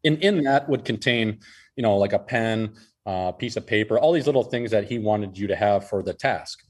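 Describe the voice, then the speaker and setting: A young man in his twenties, a hockey player appearing as a podcast guest, tells a long story in casual, rambling conversation. His voice sits on the low side at a normal speed, and he swears freely.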